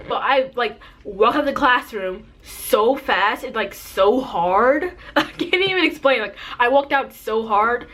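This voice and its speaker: Teen girl vlogger, higher voice, chatty storyteller who laughs easily. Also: unhurried, hardly any pauses, pushed and bright. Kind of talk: casual storytime.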